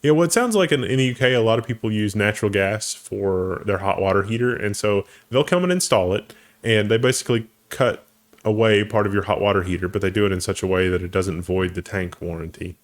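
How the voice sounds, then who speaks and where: Low-voiced man discussing tech news. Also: fairly quick. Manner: thinks aloud, restarts phrases, laughs easily. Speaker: co-host.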